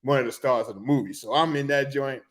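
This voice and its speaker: A middle-aged man hosting a podcast, telling a loose, animated story in casual slang, with laughs and restarts. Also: medium pitch, quick pace. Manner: animated, humming tunes and acting out reactions. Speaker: podcast host.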